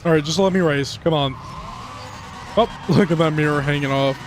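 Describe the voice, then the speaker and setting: A man giving casual, profane commentary over a racing game, rambling and ranting with animated outbursts. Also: a little high, normal speed, slight background noise. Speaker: gaming commentator. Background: game music and car engines.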